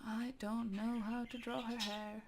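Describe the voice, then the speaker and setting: A woman's voice: on the high side, level tone, measured pace, slight background noise. A young woman from Sweden with a Swedish accent, chatting casually and rambling while she draws, with stutters, often dropping to a murmur. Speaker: artist vlogger.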